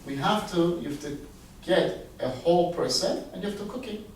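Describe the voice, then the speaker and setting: A man's voice: expressive, moderate pace, slight background noise. A man voicing a stern, bossy sorcerer of a forest tribe, heard from a distant mic in a very echoey space. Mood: instructive. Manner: loud, high and commanding.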